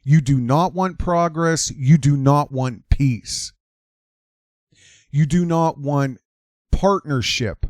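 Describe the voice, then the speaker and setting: A man's voice: a little high, slow, pauses often, no echo, studio quality. A man hosting an opinionated commentary monologue, emphatic and repeating his lines for effect. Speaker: commentary channel host.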